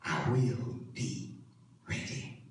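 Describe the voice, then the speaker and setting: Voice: mid-range voice, expressive, very slow. A preacher delivering a sermon with emphatic repetition and call-and-response, heard in a church sanctuary. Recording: echoey hall, distant mic, faint noise.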